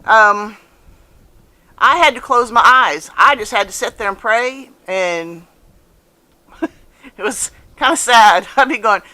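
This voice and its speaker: A woman in her fifties speaks straight to her viewers in a bright, forward voice. She tells her story casually and earnestly, and she leans on repeated phrases to drive her points home. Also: fairly high pitch, slow pace, long pauses. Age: 50s. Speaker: vlogger. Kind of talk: casual personal storytelling to camera.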